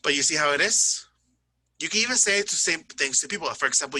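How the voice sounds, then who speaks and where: Bright-voiced joking English teacher, man. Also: a little high, lively intonation, husky, dry recording. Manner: chatty, joking, checks understanding with "right?" and "okay?"; slows right down to spell out word endings. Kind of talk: recorded online grammar lesson.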